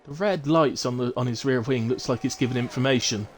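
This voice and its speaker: A man's voice: medium pitch, fairly quick, few pauses, breathy edge. A middle-aged man giving chatty live commentary on a sim race, with jokey asides.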